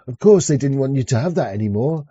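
A man's voice: mid-range voice, animated, fast talker, dark tone, breathy edge, no echo. A man ranting in rambling reaction commentary, crude and sarcastic, with frequent restarts, on a dull lo-fi mic. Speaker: streamer reacting to a clip.

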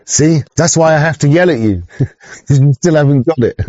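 Male livestream host, rambling and profane, dull lo-fi mic with a dark tone. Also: fairly high pitch, moderate pace, no echo. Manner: rambling, profane, frequent restarts.

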